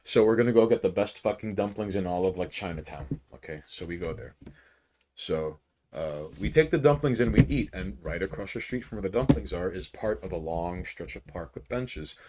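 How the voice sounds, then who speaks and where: A man from New York co-hosting a podcast, telling stories in a profane, animated way with big swings in loudness. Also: deep voice, moderate pace, background noise. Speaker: podcast co-host. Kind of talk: casual chat, storytelling.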